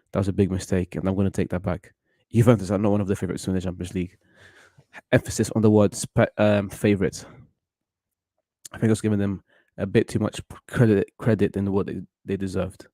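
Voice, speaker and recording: A man's voice: lowish voice, level tone, brisk, dark tone, no echo. A man hosting a football watchalong, chatting casually and giving opinionated commentary on the match. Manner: chatty, opinionated, thinks aloud with restarts.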